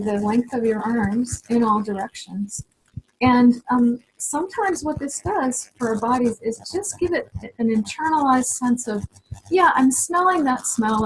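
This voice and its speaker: A middle-aged woman, a somatic coach, gently guiding listeners through a body exercise with soft fillers and encouragement. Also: fairly high pitch, a little hiss or hum, poor audio. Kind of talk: guided somatic exercise instruction.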